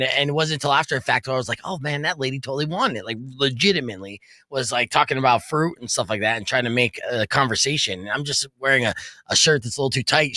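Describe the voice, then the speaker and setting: A man in his thirties hosting a casual podcast, his voice bright and swinging widely in pitch as he tells rowdy stories. He yells out the lines of the people he quotes. The sound is dry and close. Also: no room sound. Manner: animated, rowdy storytelling, yelling out quoted lines. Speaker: podcast host.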